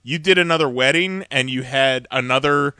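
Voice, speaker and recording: A man's voice: mid-range voice, normal speed, bright, forceful tone, smooth, no echo. A man hosting a podcast, teasing his co-host in an amused casual chat.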